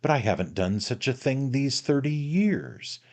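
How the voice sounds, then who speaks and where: A man reading aloud and voicing a stern, dignified elderly gentleman who speaks emphatically and deliberately. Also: medium pitch, animated, voice pushed up, lightly acted.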